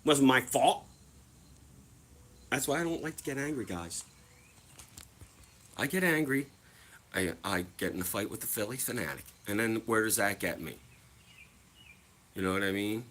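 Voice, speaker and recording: A man's voice: fairly low pitch, lively intonation, moderate pace, long pauses, fairly bright tone, slight background noise. A young man telling stories casually to his viewers, swearing freely and acting out other people's voices. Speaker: livestreamer.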